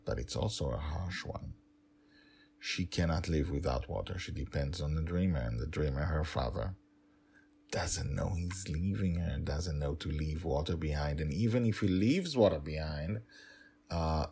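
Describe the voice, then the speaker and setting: Very deep husky male storyteller. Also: darkish tone. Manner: hesitant with fillers in commentary. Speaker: author reading his own serial story. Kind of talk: storytelling with casual commentary.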